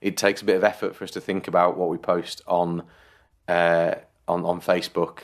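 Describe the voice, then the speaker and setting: A man's voice: low-pitched, little pitch movement, moderate pace. A British man co-hosting a podcast in casual chat, giving long-winded, self-deprecating answers. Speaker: podcast co-host.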